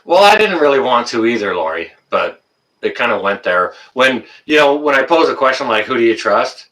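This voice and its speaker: A man's voice: medium pitch, very animated, normal speed, fairly bright tone, recorded from a distance. A man hosting a casual livestream, reading viewer comments and ranting, getting worked up and then apologizing.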